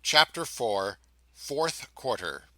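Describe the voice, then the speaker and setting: Bright-voiced male audiobook narrator. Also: medium pitch, dry recording, low-quality recording. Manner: measured, expressive reading. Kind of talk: scripted narration.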